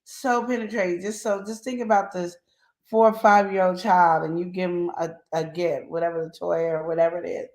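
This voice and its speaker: A middle-aged woman co-hosting a relationship advice show, chatting casually and telling stories with drawn-out emphasis. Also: fairly low pitch. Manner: animated storyteller, drawn-out emphatic phrasing. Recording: roomy echo.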